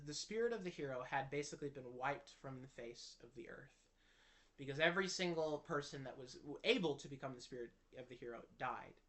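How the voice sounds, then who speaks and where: A man's voice: a little high, a bit bright. A man telling a personal story to camera in an earnest, impassioned way, often restarting his sentences. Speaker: Christian video creator.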